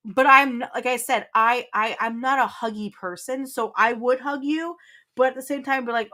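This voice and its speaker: A woman hosts a casual livestream in a slightly high voice. She rambles through her points with restarts and teases her viewers in a playful way. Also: brisk, pushed and bright. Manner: playful, teasing, laughs often. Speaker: livestream host.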